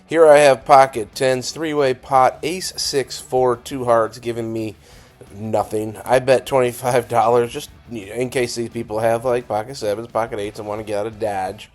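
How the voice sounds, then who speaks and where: A hoarse man with a raspy, scratchy voice, narrating his poker hands in a casual, wry voice-over. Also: mid-range voice, a little mellow. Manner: casual, wry, self-deprecating. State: hoarse, dry scratchy throat. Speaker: poker vlogger.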